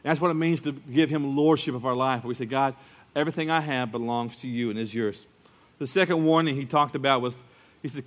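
A male pastor preaching a sermon, lively and acting out the people he quotes. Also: medium pitch, brisk. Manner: animated preaching, acts out quoted voices.

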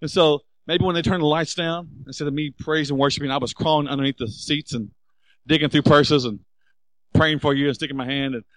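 A man preaching a sermon, animated and asking the congregation rhetorical questions. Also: fairly high pitch, brisk, no room sound, low-quality recording. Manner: acts out quoted voices. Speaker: pastor.

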